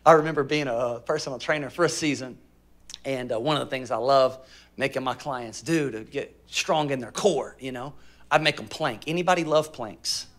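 In a church auditorium full of worshippers, a pastor with a medium-pitched voice delivers his sermon at normal speed. He brings his stories to life by acting out different voices and asking the congregation questions.

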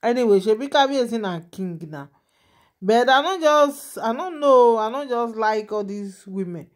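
A woman's voice: a little high, expressive, moderate pace. A woman with a Nigerian accent hosting her own channel, chatting casually and animatedly as she shares celebrity gossip and laughs often.

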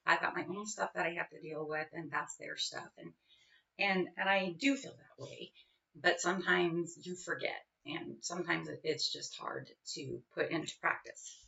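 A woman's voice: low voice, steady tone, moderate pace, gravelly, pushed and bright, distant mic, dull audio. A woman in her forties in a casual personal vlog, talking in a rambling way with many fillers and restarts. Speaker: vlogger.

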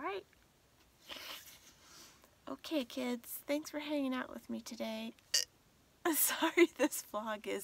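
A woman's voice: sits high, expressive, slow pace, creaky, long pauses, fairly bright tone, recorded from a distance. A tired woman vlogger chatting casually at night, half asleep and rambling as she shows her things. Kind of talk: casual late-night vlog chat.

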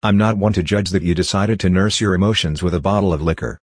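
Mysterious salesman, voiced by a man, velvety smooth, calm, formal, deep low voice. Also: quick pace, no echo, clean studio sound. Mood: stern. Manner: calm, formal, politely probing.

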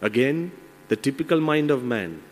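Brief: male monk giving a motivational talk, storytelling with moral asides, mid-pitched, long hall echo. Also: expressive, normal speed. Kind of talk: motivational talk with a told fable.

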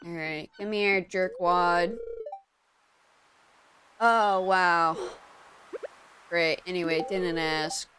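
A woman's voice: fairly low pitch, fairly even intonation, drawn-out words, long pauses, fairly bright tone, slight background noise. A woman streamer in a casual gaming stream, groggy and out of it, sarcastically cursing at game characters.

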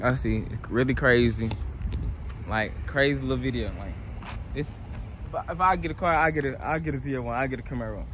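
A man's voice: medium pitch, brisk. Young male vlogger, Southern US drawl, hyped walkaround of a car lot on a phone, mid-range voice, light outdoor hiss. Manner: excited, loose slangy chatter to viewers. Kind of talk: casual walkaround car vlog.

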